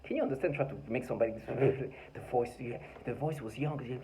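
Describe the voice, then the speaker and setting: A man's voice: medium pitch, brisk, warm tone, poor audio. A man talking by his front door in an agitated, rambling vlog monologue, full of stammered restarts and bitter laughs. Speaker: vlogger.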